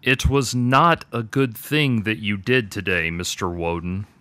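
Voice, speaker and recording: A man's voice: lowish voice, fairly even intonation, measured pace, sharp tone, no room sound. A man voicing a stern talking tree that lectures an artist with disapproval. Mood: disapproving.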